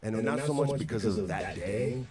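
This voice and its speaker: A lowish-voiced man, a guest in an interview, tells an anecdote at a moderate pace in a wry, exasperated way. Loud music plays behind him, and the recording sounds like an echoey, distant replay from a stream.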